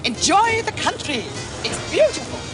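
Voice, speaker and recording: A grand, bossy lady of the manor with a plummy voice, pitched high and swooping as she issues orders. Music and laughter from a studio audience play behind her. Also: big pitch swings, normal speed. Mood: imperious. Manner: imperious, plummy upper-class diction. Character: bossy upper-class English lady of the manor. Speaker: actress in a sketch.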